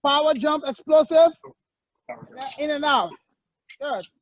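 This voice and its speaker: Male fitness coach, very high voice, energetic short commands; muffled lo-fi, dry sound. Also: a little slow, no room sound. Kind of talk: leading a workout session.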